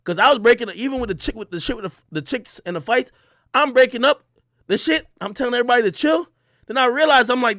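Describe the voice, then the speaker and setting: On a livestream, a young Jamaican man rants hard, brash, profane and brimming with bravado. His voice sits high for a man and swings from near shouting to low, fast muttering, captured close and dry with no room sound at all.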